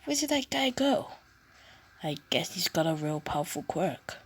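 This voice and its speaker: A woman's voice: lowish voice, very animated, normal speed, husky, heavily acted. A woman voicing a timid thirteen-year-old boy hero who stammers and hesitates. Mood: nervous.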